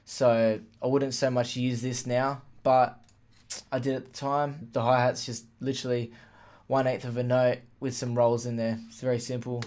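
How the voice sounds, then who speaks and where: A man casually walking through how he built a hip hop track, plain-spoken and relaxed, with fillers like "like" and "literally". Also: mid-range voice, normal speed. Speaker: music producer explaining a beat. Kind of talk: casual tutorial walkthrough. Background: faint playback of his beat.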